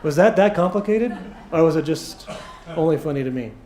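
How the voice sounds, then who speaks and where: A pastor preaching a midweek sermon with a sore, hoarse throat, emphatic and slowing down to press his points. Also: on the high side, expressive, a little mellow. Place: church sanctuary. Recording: echoey church hall.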